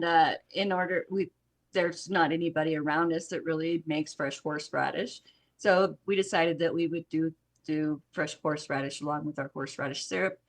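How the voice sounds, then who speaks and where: Chatty storytelling woman, lowish voice. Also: fairly bright tone. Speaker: guest, jelly company owner. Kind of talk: casual podcast conversation.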